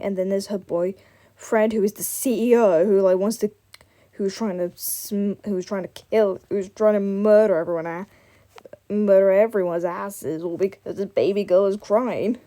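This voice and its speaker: Chatty young woman with a mellow voice. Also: mid-range voice. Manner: rambling, lots of "like" fillers. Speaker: gaming vlogger. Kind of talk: casual chat while playing a building game.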